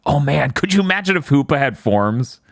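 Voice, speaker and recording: Guy on a movie review podcast, laughs a ton, bouncy pitch, dry close mic. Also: big pitch swings, brisk, gravelly, no room sound. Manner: laughs often, recaps scenes animatedly. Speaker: podcast co-host. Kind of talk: casual movie review chat.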